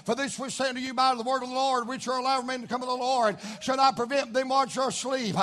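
Fervent preacher, very high voice. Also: male voice, little pitch movement, quick pace. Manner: fervent, building to shouts; folksy storytelling. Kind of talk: revival sermon.

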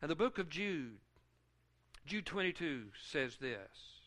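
A preacher with a high, bright, ringing voice, delivering a sermon slowly and deliberately. He repeats phrases in a steady rhythm and swings between hushed, near-whispered lines and loud, full-voiced outbursts. His delivery is openly emotional.

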